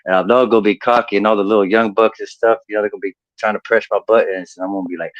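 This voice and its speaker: A man with a drawl spins loose, rambling stand-up stories and chuckles at his own jokes. His voice sits a bit low. The sound is muffled and dry, like a home video call mic. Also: steady tone, rapid-fire, hardly any pauses, dry recording. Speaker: stand-up comedian. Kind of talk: storytelling stand-up set. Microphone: home computer mic on video call.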